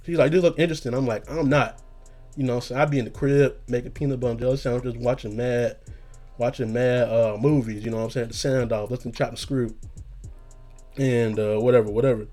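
A man's voice: medium pitch, fairly even intonation, fast talker, mellow, soft background music. Laid-back young man telling a story. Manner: laid-back, profane, laughs often, acts out his own lines. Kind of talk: casual storytelling.

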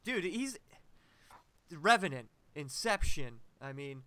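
A man's voice: on the high side, sing-song, slow, crowd noise. A young adult man co-hosting a podcast in casual chat, emphatic and opinionated. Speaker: podcast co-host.

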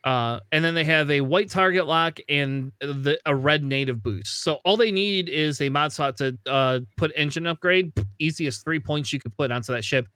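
A man with a slightly high voice chatting about a tabletop game, excitable and laughing often. He swears casually. The sound is dry and close to the mic. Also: normal speed, hardly any pauses, clean tone, no echo. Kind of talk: casual gaming chat.

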